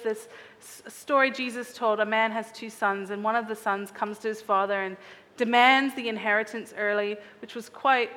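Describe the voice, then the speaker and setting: A woman's voice: fairly high pitch, fairly bright tone. Earnest woman preaching in an echoing hall. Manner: earnest, reflective, asks searching questions. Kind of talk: sermon.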